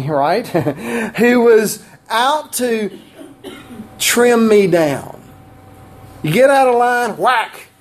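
A man preaching a sermon as pastor, animated and emphatic, with laughing asides and repeated phrases. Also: sits high.

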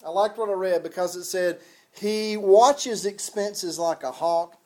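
A man's voice: sits high, a little slow, dark tone. A man preaching a sermon in a conversational, folksy way, with chuckles and casual asides.

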